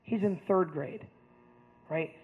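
A man speaking to a school audience, telling a personal story with jokes, moving between loud punchlines and quieter stretches. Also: sits high, takes it slowly, breathy edge. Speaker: motivational speaker. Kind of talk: storytelling talk to students. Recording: tinny phone-like audio.

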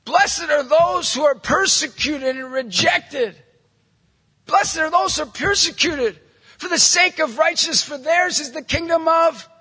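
High, bright, shouting man preaching. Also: measured pace. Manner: punchy, jokey storyteller, bursts into shouting emphasis. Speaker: Catholic evangelist speaker. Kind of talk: energetic preaching talk to a live audience. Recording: long hall reverb from a large venue.

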